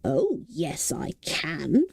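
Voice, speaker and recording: A woman's voice: sits low, wildly swooping pitch, very slow, creaky, a little mellow, husky, dry recording, clean studio sound, voice pushed down, full character voice. A woman voicing a fierce, bossy old woman in a storybook reading.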